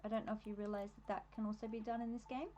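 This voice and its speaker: A woman's voice: medium pitch, little pitch movement, rapid-fire, mellow, highs cut off, a little hiss or hum. A woman with an Australian accent chatting casually on a live game stream, easily sidetracked and amused at herself. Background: faint game music.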